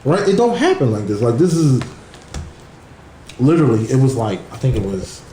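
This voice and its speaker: A man's voice: mid-range voice, big pitch swings, moderate pace, dark tone, echoey room, slight background noise, poor audio. A man telling a business story in a casual podcast chat, swearing freely and often saying "mind you.". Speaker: guest entrepreneur.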